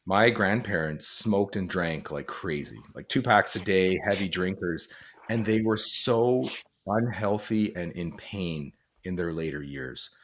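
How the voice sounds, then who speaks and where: Low-voiced earnest male guest. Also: unhurried, slight background noise. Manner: earnest, reflective, frequent "like" fillers. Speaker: guest, former police officer and author. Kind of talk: conversational interview.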